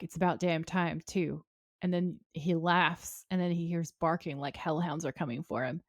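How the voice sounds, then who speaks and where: A woman's voice: lowish voice, no room sound, clean studio sound. A woman co-hosting a podcast, retelling a TV episode scene by scene in casual chat and acting out the quotes. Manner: animated retelling, acts out quotes. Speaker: podcast co-host.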